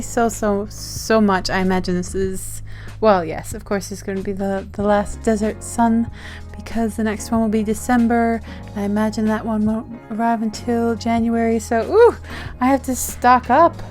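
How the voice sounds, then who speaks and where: Australian woman, casual vlogger, excitable and rambling, slightly high voice. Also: a little slow, soft background music. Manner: bubbly, gushing, giggly and rambling. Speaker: zine-maker vlogger. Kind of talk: casual mail-opening vlog.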